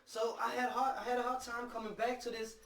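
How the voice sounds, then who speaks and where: A man talks quickly in a high voice, swearing freely and acting out the quotes in his story. He sounds far from the mic in an echoey room, with a crowd murmuring behind him. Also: little pitch movement. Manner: profane, acts out quotes. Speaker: guest musician. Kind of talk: animated storytelling in casual chat.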